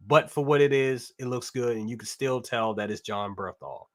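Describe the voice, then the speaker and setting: A man's voice: on the low side, moderate pace, few pauses. A man hosting a toy review live stream, rambling in an upbeat, slangy way and reading out viewer comments. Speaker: toy review show host. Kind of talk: casual live-stream chat.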